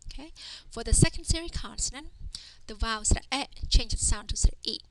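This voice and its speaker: A woman's voice: on the high side, moderate pace, heavy background noise. A woman teaching a reading lesson in a voice-over, patiently sounding out each syllable one at a time before saying the whole word. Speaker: language teacher. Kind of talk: slow spelled-out reading lesson.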